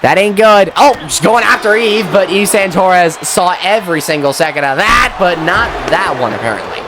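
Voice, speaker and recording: A young man giving excitable play-by-play commentary on a wrestling match, with mild swearing and quick self-corrections. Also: high-pitched, background noise. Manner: excitable, swears mildly, laughs at own slips. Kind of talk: solo play-by-play commentary of a video game match.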